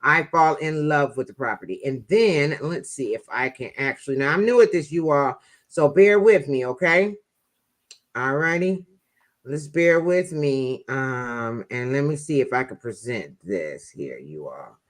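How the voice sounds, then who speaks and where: A woman's voice: very deep voice, expressive, unhurried. A woman vlogger casually telling viewers a personal story in a chatty, folksy way.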